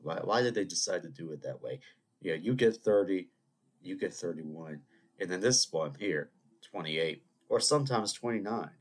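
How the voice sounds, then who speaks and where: A man with a slightly low voice hosts a solo podcast, sniffling through a cold. He chats loosely with his listeners and wanders into digressions and jokey asides. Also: animated, moderate pace. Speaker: podcast host. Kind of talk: rambling solo podcast monologue.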